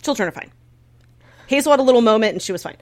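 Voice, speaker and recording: Animated woman telling a story. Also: fairly high pitch, racing. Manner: animated storyteller, acts out her own panic with squeals; frequent filler words, restarts. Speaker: podcast co-host telling a story. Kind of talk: casual chat.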